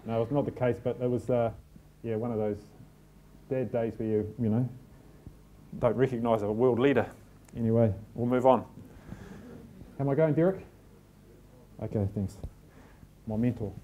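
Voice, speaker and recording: A man's voice: mid-range voice, fairly even intonation, normal speed, long pauses, warm tone, highs cut off, a little hiss or hum. A middle-aged man with a New Zealand accent, giving a live talk to an audience and telling stories with self-deprecating humour. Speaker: team manager giving a talk. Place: packed function room.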